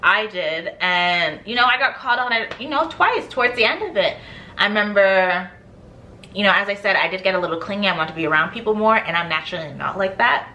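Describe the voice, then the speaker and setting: A woman's voice: mid-range voice, lively intonation, a little fast, pushed and bright, slight background noise. A woman vlogger chatting casually about her skincare, laughing often and acting out stories. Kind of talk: casual chat.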